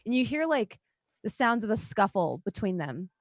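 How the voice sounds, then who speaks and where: A woman's voice: mid-range voice, very animated, normal speed, no echo, studio quality. A woman game master narrating a tabletop role-playing game in a casual, descriptive way, with plenty of fillers. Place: home, online session.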